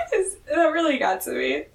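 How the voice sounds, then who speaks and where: A woman's voice: medium pitch, far from the mic, rough recording. Chatty woman a little off-mic. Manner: chatty, laughs often. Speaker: podcast co-host. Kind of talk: casual chat recapping a TV episode.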